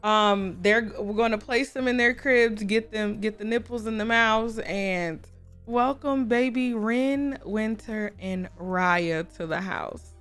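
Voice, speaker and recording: A woman, hosting a casual, excitable let's-play and chatting to viewers as she plays. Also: mid-range voice, takes it slowly, soft background music. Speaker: gaming video host. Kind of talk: casual game commentary.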